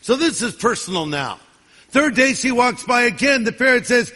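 A man's voice: very high voice, lively intonation, normal speed, pushed and bright, slightly rough. A man in his sixties, a pastor preaching a sermon in a folksy, humorous storytelling manner. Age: 60s. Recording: long reverb of a large hall.

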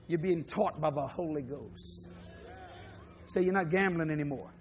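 A man preaching a televised sermon, swinging from low murmurs to loud shouting. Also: moderate pace, slight background noise.

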